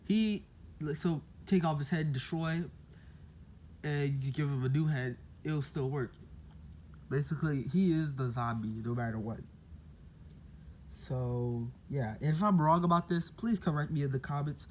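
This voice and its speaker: A man's voice: on the high side, unhurried, darkish tone, a little hiss or hum. A man casually telling a made-up fan story, rambling with lots of "like" and "basically".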